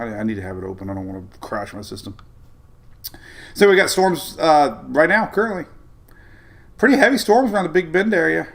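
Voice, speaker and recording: Gravelly, rambling male weather host. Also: mid-range voice. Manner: rambling, chuckling, self-interrupting. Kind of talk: casual live-stream weather talk.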